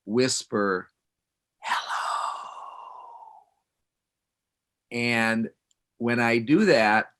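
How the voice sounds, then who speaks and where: A man guides listeners through a breathing exercise at an unhurried pace. His voice sits at a middle pitch, and he speaks gently and calmly. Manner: slow, gentle and calm. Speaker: breathing instructor.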